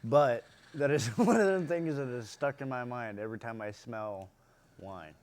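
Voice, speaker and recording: A man's voice: mid-range voice, expressive, moderate pace, a little mellow. Chill pa guy co-hosting, mostly short replies, medium voice. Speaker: co-host. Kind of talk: casual chat.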